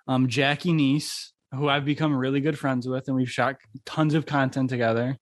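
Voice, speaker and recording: A man's voice: mid-range voice, flat delivery, normal speed, dry recording. Casual young man from upstate New York. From Buffalo area, New York. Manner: rambling, lots of "like" fillers, profane. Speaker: podcast host. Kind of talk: casual chat.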